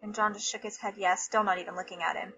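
A woman, a mother, telling a personal story in an interview, animated and repeating herself, often laughing. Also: medium pitch, fast talker, muffled recording.

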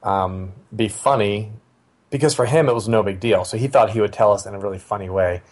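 A middle-aged man with a fairly low voice tells a story about his family. He talks in a relaxed, conversational way, pausing on fillers and restarting his sentences as he thinks. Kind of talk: casual personal storytelling.

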